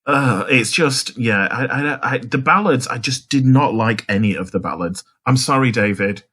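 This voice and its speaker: A man's voice: mid-range voice, normal speed, bright, forceful tone, breathy edge. A man co-hosting a podcast in casual chat, speaking emphatically and dramatically. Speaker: podcast co-host.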